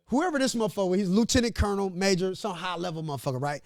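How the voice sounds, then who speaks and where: A man from Missouri, a podcast guest, telling a story in a casual, animated, profane way and acting out what others said. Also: high-pitched, racing, no echo, clean studio sound. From Grandview, Missouri. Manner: animated, profane, laughs often, acts out quotes.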